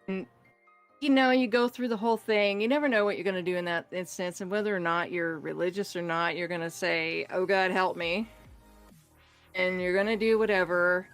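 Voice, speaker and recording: Lowish-voiced woman telling a scary story. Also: brisk, clear, resonant tone, faint music behind. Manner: animated, acts out voices in her stories, laughs often. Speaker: guest storyteller. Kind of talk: casual storytelling on a podcast.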